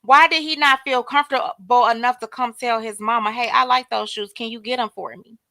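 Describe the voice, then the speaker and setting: Woman livestream host, high bright voice, casual commentary, dry close mic. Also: a little fast, dry recording. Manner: animated, talks straight to viewers, reads out chat names.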